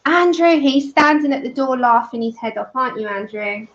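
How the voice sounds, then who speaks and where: A woman's voice: high voice, expressive, moderate pace, highs cut off. A woman, chatting casually as she colours on a livestream, laughing often and acting out a story. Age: 30s. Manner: chatty, laughs often, acts out her own story in quoted voices.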